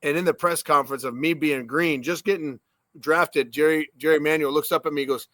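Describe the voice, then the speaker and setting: Male co-host, ex-player, bright forceful tone, dry sound, casual swearing storyteller. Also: on the high side, brisk, dry recording. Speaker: podcast co-host, former player. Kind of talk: casual sports chat.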